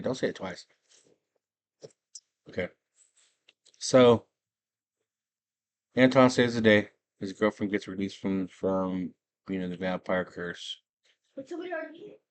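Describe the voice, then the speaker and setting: Man, lowish voice, casual slangy movie chat, laid-back, at home. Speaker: movie review vlogger.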